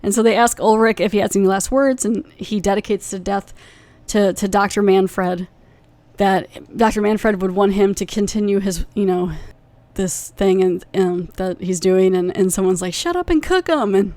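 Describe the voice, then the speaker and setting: A young woman hosts a podcast and talks through an episode recap in a loose, rambling way, full of fillers and asides. Her pitch sits in a middling range, and the recording is dry and close to the mic. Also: little pitch movement, mellow, dry recording. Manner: rambling, with many fillers and quick acted quotes. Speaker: podcast host reviewing a TV episode.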